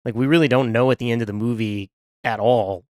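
Smooth-voiced man musing on a film. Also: medium pitch, steady tone, a little fast, darkish tone, no echo, clean studio sound. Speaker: podcast co-host. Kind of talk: casual film discussion.

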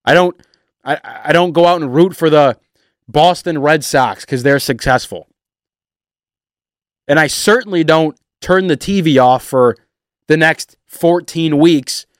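A man delivering a heated, emotional sports rant to his viewers, animated and sarcastic. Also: a little high, measured pace, long pauses, dry recording, studio quality. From Detroit area. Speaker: sports fan vlogger. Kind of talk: ranting sports commentary.

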